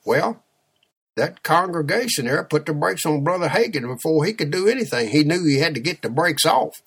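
A man's voice: on the high side, lively intonation, moderate pace, vocal fry, a bit bright, breathy edge. A man preaching a sermon, telling a story in an emphatic, exhorting way.

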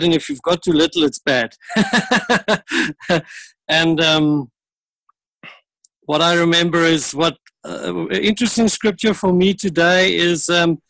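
A man's voice: fairly high pitch, a bit bright, dry recording, rough recording. Hesitant man sharing thoughts on scripture. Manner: hesitant, many ums, reflective. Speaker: prayer group member. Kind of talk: casual sharing on a video call.

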